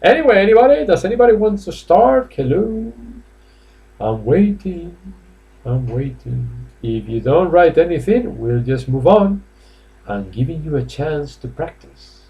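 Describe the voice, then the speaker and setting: Spanish guy teaching english online, relaxed chatty teacher voice, lots of uh and laughs. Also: a little high, normal speed, lo-fi sound. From Spain. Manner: chatty, coaxing, laughs often, many fillers. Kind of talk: live online class. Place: classroom or office indoors.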